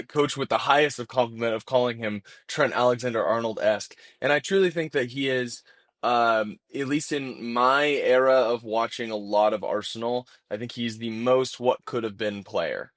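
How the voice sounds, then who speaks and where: A man's voice: mid-range voice, normal speed, a bit bright, no room sound, studio quality. A man co-hosting a casual football podcast, speaking earnestly with plenty of fillers. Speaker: podcast co-host.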